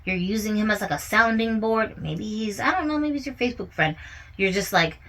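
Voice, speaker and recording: Woman commentator, casual and chatty, mid-pitched voice, keeps checking in with the listener. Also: animated, fairly quick, fairly bright tone, poor audio. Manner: conversational, often asks "you know what I'm saying?". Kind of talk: casual relationship commentary monologue.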